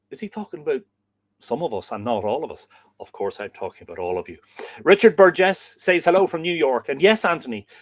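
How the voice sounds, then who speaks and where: A man's voice: medium pitch, no echo. An Irish man hosting a casual livestream, reading out viewer comments and chatting back to them. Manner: chatty, reads out comments and answers them warmly. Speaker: livestream host.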